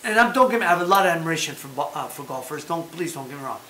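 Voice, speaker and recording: A fairly high-voiced man talks animatedly as a show host, circling back to his points again and again. His tone is bright and forceful. The room around him is echoey, with a faint hiss underneath. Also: very fast. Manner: animated, emphatic, repeats himself; talks about having been a fighter. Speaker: podcast host. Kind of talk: casual chat.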